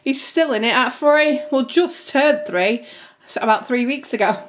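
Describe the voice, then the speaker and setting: With a voice that sits high and a moderate pace, a young woman from the UK rambles through her family's grocery haul on camera at home. She's chatty, slightly breathless, and keeps saying "guys" to viewers; slight background noise is audible.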